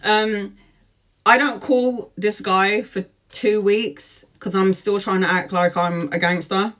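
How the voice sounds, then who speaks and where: A woman in her forties telling a personal story, lively, laughing often and acting out what people said. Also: medium pitch, slow pace. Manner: lively, laughs often, acts out quoted speech. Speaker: tarot vlogger. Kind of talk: storytime chat.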